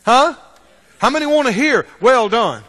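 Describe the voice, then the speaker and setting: A man preaching a sermon in church, asking the congregation questions and swinging between loud calls and hushed asides. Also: extremely high pitch, lively intonation, measured pace. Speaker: pastor. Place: church sanctuary. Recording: long reverb of a large hall.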